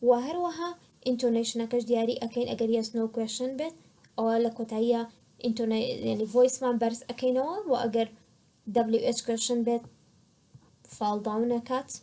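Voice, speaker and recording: Woman English teacher with a Kurdish accent, slightly high and warm, patient, repeats each point. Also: fairly even intonation, rapid-fire. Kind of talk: recorded classroom lesson.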